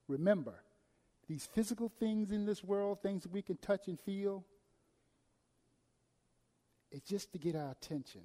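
A man delivering a sermon in a fairly high but mellow voice. He swings from loud, urgent emphasis down to near-hushed passages. A long reverb trails each phrase. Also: a little slow, pauses often. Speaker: preacher.

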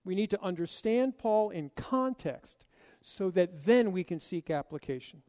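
A man's voice: high-pitched, animated, measured pace, mellow, long reverb tail. A man preaching an expository sermon, emphatic and full of rhetorical questions he answers himself.

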